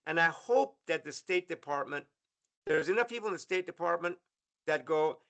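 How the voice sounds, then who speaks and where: A man hosts a live talk show. He spins anecdotes earnestly, restarting his phrases often. His voice sits slightly higher than most men's. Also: lively intonation, normal speed, fairly bright tone. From Iran. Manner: earnest, storytelling, many restarts.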